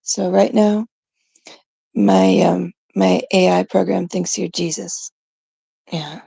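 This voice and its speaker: A woman from Canada hosts a casual live stream, rambling and giggling as she retells things with mock exasperation. Her voice is heavily gravelly and husky, with a dark, mellow tone. She talks slowly. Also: lowish voice, little pitch movement, no room sound.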